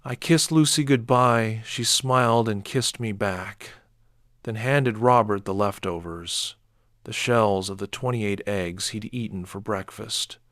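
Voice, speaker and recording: A man narrating a first-person horror story in a measured, dark way. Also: lowish voice, no room sound, clean studio sound.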